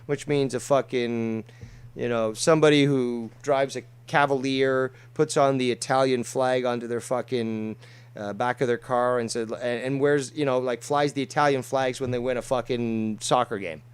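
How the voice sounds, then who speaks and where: A man's voice: medium pitch, fairly even intonation, normal speed, clean tone. A man hosting a talk show, boasting and swearing heavily as he rambles with many fillers. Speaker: show host. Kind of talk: casual streamed talk show chat.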